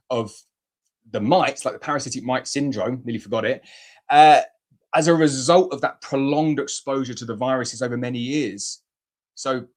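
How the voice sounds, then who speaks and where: Man, casual live Q&A host, blunt, chatty, playful, mid-pitched voice. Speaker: beekeeping show host answering viewer questions.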